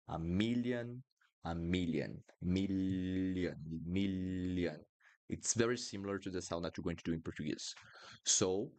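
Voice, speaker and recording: A man teaching pronunciation in a live lesson, repeating each word several times for students to copy. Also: lowish voice. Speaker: Portuguese teacher. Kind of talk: live online language lesson.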